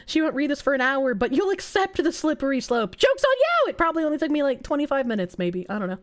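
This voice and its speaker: A young woman with a Boston accent, streaming and chatting casually with her live chat, her voice a little rough from being sick, swearing and often breaking into high squeals. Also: fast. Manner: animated, swearing, frequent laughter, jumps to high squeals.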